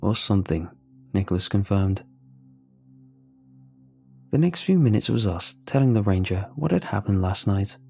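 A man narrating a first-person horror story in a steady, measured way. His voice is low and dark, with a husky edge. Faint music plays behind him.

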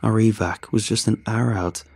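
Deep gravelly male horror narrator. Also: steady tone, a little mellow, no room sound. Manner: measured, tense storytelling.

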